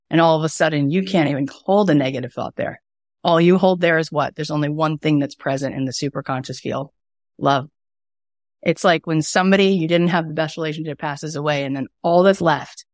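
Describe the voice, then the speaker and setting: A woman in her forties teaches a spiritual self-help workshop in a lowish voice. She talks in an emphatic, animated way and repeats words for effect. The sound is dry and close. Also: dry recording.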